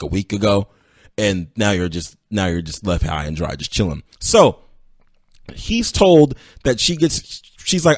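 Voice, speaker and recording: A man hosting a podcast, retelling stories casually and acting out the people in them with sudden high-pitched outbursts. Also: no room sound, studio quality. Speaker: podcast host. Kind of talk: casual storytelling recap.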